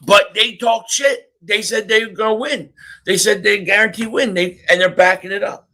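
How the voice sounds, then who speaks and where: A man hosting a live sports reaction stream, ranting excitably and often shouting at the game. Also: high voice, normal speed. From Philadelphia area.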